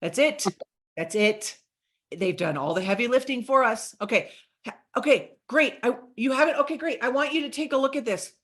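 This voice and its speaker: An energetic middle-aged woman runs a live training session, coaching her group with lots of drive. Her voice sits fairly high, and she keeps slipping into lively acted-out sample conversations. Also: normal speed. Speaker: sales trainer.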